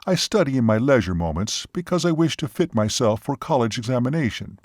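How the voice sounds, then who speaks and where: A lively young waitress tells her story earnestly, with a hint of teasing, in a slightly raised voice, as a male narrator reads her part. Her delivery is animated and wide-ranging. The recording is dry and close. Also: medium pitch, brisk, dry recording, lightly acted.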